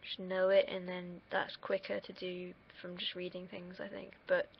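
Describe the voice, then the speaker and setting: A woman's voice: on the low side, completely flat delivery, moderate pace, creaky, slight background noise. A young woman from the United Kingdom, rambling candidly in a casual solo livestream and swearing freely. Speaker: streamer. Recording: dull lo-fi mic.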